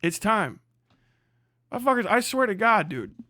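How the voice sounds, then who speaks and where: A man with a high-pitched voice delivers a blunt, profanity-heavy livestream rant. His voice is recorded close and dry, with no room sound around it. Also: big pitch swings, normal speed, sharp tone, no echo. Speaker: streamer.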